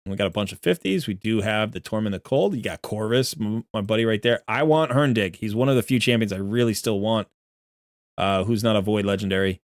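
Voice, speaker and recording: A man with a fairly low voice talks a little fast in clean, echo-free studio sound. On a live stream, he gives chatty, rambling commentary while browsing a viewer's game account, often correcting himself.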